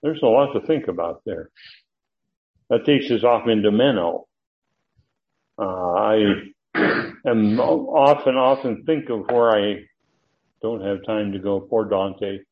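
An older man teaching a verse-by-verse Bible lesson, halting with many fillers and sudden emphatic rises. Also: lowish voice. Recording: tinny phone-like recording.

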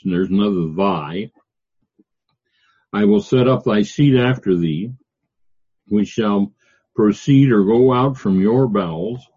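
A man with a lowish, husky voice teaches through scripture verse by verse, pausing and restarting often as he explains. The sound is dull and lo-fi. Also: dark tone. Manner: halting, many fillers and restarts, stresses words. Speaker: Bible teacher. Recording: dull lo-fi recording.

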